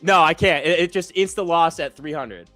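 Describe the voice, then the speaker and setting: A man co-hosting a live trading stream, chatting casually and getting excitable and laughing over his trades. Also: on the high side, normal speed, soft background music. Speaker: live trading show co-host. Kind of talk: casual chat.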